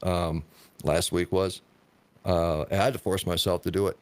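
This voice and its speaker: Podcast host, male, lower voice, profane and emphatic in casual talk. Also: steady tone, normal speed, darkish tone.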